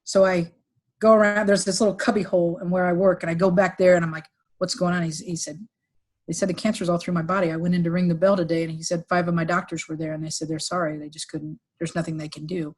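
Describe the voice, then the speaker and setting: A middle-aged woman recounting a painful family story on a podcast, with halting restarts and fillers, sometimes quoting others in livelier voices. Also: on the low side, flat delivery. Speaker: podcast guest, executive recruiter. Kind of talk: emotional personal storytelling.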